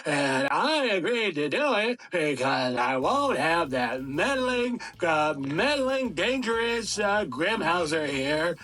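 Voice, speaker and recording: A man's voice: fairly high pitch, big pitch swings, takes it slowly, hardly any pauses, bright, forceful tone. A man co-hosting a comedy show, trading mocking insults and stammering through his lines. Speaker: co-host. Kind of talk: comic banter. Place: studio.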